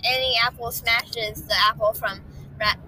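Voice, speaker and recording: A groggy woman co-hosting a casual family podcast with her son, animated and giggly with lots of ums. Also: on the high side, a little slow, a little hiss or hum, rough recording. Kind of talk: casual family chat and storytelling.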